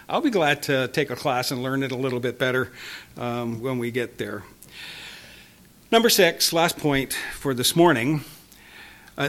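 A man preaching a Sunday morning sermon in a slightly higher voice than most men. He draws out quoted verses slowly for emphasis and breaks into light chuckles between his points. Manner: expressive, stretches quoted scripture slowly with emphasis.

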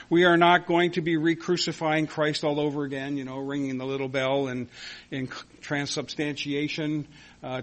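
A man preaching a communion sermon as pastor, slow and halting, with many fillers and soft chuckles. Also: on the high side.

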